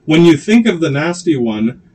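A man's voice: fairly high pitch, very animated, moderate pace, darkish tone, breathy edge. A man from Canada rambling through a profane political rant, full of restarts and asides. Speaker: channel host.

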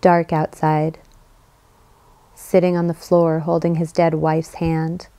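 A woman narrating an audiobook in a slow, measured reading. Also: low-pitched, little pitch movement, warm tone, clear, resonant tone. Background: faint guitar music.

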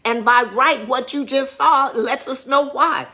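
A woman's voice: sits high, measured pace, bright, forceful tone. A middle-aged woman co-pastor teaching a livestreamed Bible lesson, preaching emphatically and rising to exclamations. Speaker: co-pastor teaching Sunday school.

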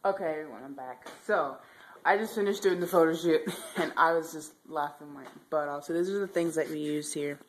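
A woman's voice: low-pitched, a little fast, a little hiss or hum. A young woman vlogging casually at home on a handheld camera, chatty, giggly and rambling. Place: house, indoors.

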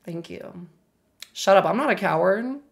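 A young woman streaming a game live, chatting to her viewers with loud, slangy, profane outbursts over game music. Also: medium pitch, expressive, a little slow, gravelly.

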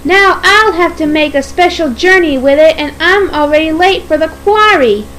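A woman's voice: very high voice, moderate pace, fairly bright tone, slight background noise, voice pushed up. A woman voicing a grumpy young male tank engine in a storybook reading, grumbling and cross.

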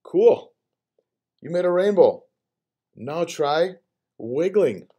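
A man voicing a bossy, playful male character from a picture book, reading it aloud in an excitable, animated way. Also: on the high side, slow pace, breathy edge, pitched above the performer's own voice, exaggerated voice.

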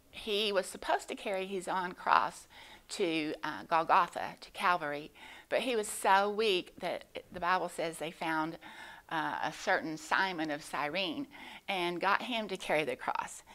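A woman gives a children's Bible lesson at church, explaining gently with frequent pauses and fillers. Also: fairly low pitch. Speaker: Sunday school teacher.

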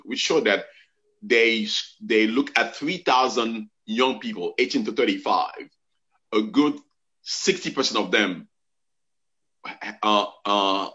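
A middle-aged man, a physician guest on a talk show, explaining slowly with many ums and restarts. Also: fairly low pitch, sharp tone. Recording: dull lo-fi sound.

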